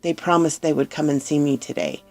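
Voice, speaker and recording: A woman voicing a frightened young bride who pleads in a high, breathless voice. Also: brisk, faint music behind. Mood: desperate.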